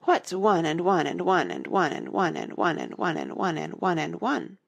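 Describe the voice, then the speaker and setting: A woman's voice: on the low side, wildly swooping pitch, normal speed, creaky, full character voice. A woman voicing a fretful, fussy queen who asks odd questions.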